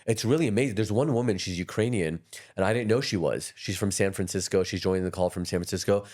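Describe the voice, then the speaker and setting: A man with a very low voice tells long stories at a rapid clip, restarting his sentences often. He speaks as an energy healer on a podcast, loose and conversational. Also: darkish tone. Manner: rapid, rambling storytelling with many restarts.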